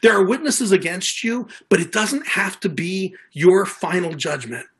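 A man preaching a sermon in an earnest, conversational way, often circling back over his words. His voice sits a little high for a man and has a husky edge. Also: animated, measured pace. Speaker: pastor.

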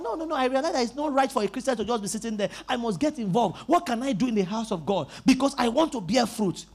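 A man with a very high, husky voice preaches a sermon. He swings his pitch up and down as he drives points home, repeating key words and breaking into shouts. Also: lively intonation, quick pace, few pauses. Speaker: pastor.

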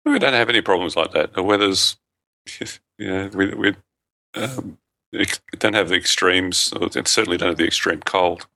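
A man's voice: sits low, normal speed, sharp tone, no echo. A man with an Australian accent co-hosting a podcast, easygoing and teasing in casual chat. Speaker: podcast co-host.

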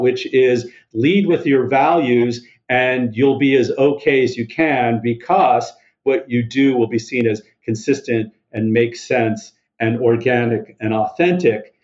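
A man's voice: medium pitch, measured pace, hardly any pauses, a little mellow. Earnest male podcast guest, dull audio. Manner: earnest, builds lists with emphasis. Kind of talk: interview answers.

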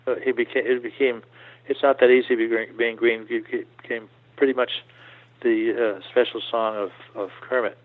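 An older man telling stories as an interview guest, halting often and repeating words as he goes. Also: medium pitch, level tone. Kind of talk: storytelling interview. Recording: tinny phone-like line.

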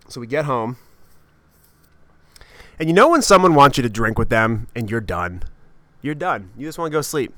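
A man hosting a podcast and telling a comedic story in an animated, profane, self-mocking way. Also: medium pitch, moderate pace, long pauses, no room sound. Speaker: podcast host.

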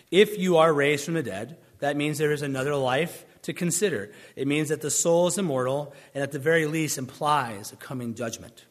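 A man preaching a sermon in a conversational way, with dry, sardonic asides. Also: mid-range voice. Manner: conversational, sardonic asides, puts on mocking voices for questioners.

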